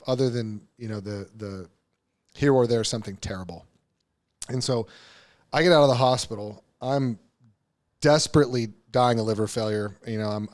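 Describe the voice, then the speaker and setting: A man's voice: fairly low pitch, a little mellow. Candid man telling his recovery story. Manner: candid, earnest, with frequent restarts and casual swearing. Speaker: podcast guest. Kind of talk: personal storytelling in a podcast interview.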